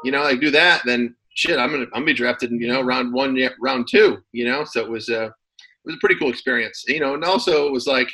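A man in his thirties recounting his playing days in a laid-back, rambling way, full of fillers and restarts. His voice is bright and forward, sitting at a middle pitch. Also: fast, faint music behind, rough recording. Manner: relaxed storyteller, many fillers and restarts. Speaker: guest, former football player. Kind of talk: casual interview chat.

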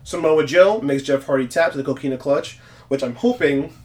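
Guy recapping wrestling, kinda high voice, jokes a lot. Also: brisk. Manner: joking, animated, laughs often. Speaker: podcast host.

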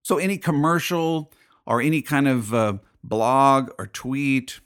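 A pastor running his own show gives a fired-up, preachy monologue full of rhetorical questions. He speaks at a measured pace, his medium-pitched voice a bit bright with a clean tone.

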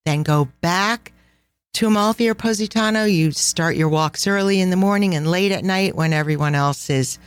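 Middle-aged woman, podcast host, bright enthusiasm, slightly low pitch, dry close mic. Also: normal speed, no echo. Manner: enthusiastic, laughs often, sprinkles in Italian phrases. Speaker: podcast host and travel planner. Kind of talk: casual travel podcast chat.

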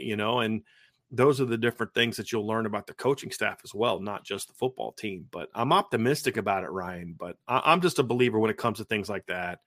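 A man's voice: lowish voice, a little fast, fairly bright tone, no room sound, studio quality. A man co-hosting a football podcast, giving casual, emphatic analysis and often restarting his sentences. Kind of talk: casual sports analysis chat.

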